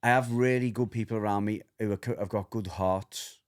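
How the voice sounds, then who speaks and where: A middle-aged man chats loosely on a podcast. His voice sits a little low. He rambles, stumbles over his words and laughs easily. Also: a little fast. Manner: rambling, animated, repeats words, laughs often. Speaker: podcast co-host, dog trainer. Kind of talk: casual chat.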